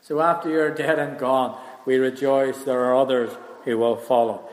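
An older man preaching a sermon, emphatic, repeating key phrases and slowing down to stress them. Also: medium pitch, a little mellow. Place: church hall. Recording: echoey hall with long reverb.

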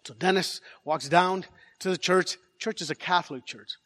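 A man's voice: high-pitched, normal speed, a bit bright, long reverb tail. A man preaching a sermon as pastor, telling a story with animation, repeating words and joking with the congregation. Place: large church.

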